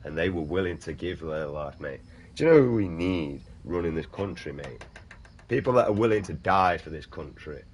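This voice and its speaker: A young British man with a very deep voice, swearing and ranting casually while chatting to viewers on a stream. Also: expressive, normal speed, a little hiss or hum. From United Kingdom. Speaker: gaming streamer. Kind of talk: casual livestream chat.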